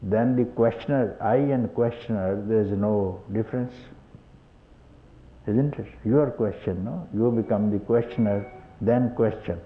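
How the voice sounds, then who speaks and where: A man's voice: fairly low pitch, a little slow. Older Indian man, tinny old tape. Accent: Indian English. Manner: chuckles often, asks rhetorical questions. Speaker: spiritual teacher. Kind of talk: satsang talk.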